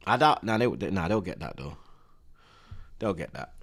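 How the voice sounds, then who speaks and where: A man, hosting a live football watchalong, chatting in heavy street slang with the viewers and shouting at big chances. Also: fairly low pitch, sing-song, moderate pace.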